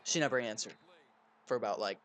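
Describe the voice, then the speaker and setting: A man's voice: on the low side, brisk, fairly bright tone, slight background noise. A young man telling crude, profane stories in a casual rant while playing a video game. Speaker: gaming channel host. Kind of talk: casual storytelling over gameplay.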